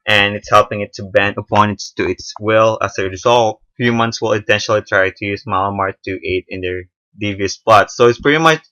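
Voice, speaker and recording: A young man giving casual, unscripted commentary on a game trailer, halting often with fillers and restarts. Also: fairly low pitch, pushed and bright. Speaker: gaming video reviewer.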